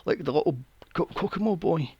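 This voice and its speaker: A man hosting a podcast, recapping a film plot in a casual, animated way, swearing often and acting out his own reactions. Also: on the high side, brisk, creaky, husky, no echo, muffled recording. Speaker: podcast host.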